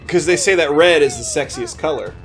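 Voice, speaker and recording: A man's voice: on the high side, fairly quick. A man co-hosting a video game let's play, rambling and joking casually and swearing freely. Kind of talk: casual gameplay commentary. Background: game music.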